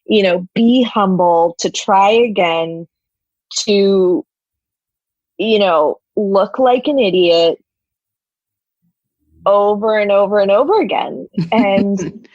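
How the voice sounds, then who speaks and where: This podcast guest, a people and culture officer, speaks slowly at a medium pitch, leaving long pauses. She chats in a casual, animated interview style loaded with "like" and "you know," captured in a dry recording with dull audio.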